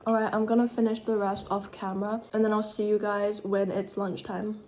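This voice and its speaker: A woman's voice: medium pitch, flat delivery, brisk, mellow, a little hiss or hum. A young woman chatting casually to viewers as she cooks and eats, a little sleep-deprived and slurring slightly. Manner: chatty, talks to viewers while cooking and eating. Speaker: vlogger. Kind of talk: casual cooking vlog narration.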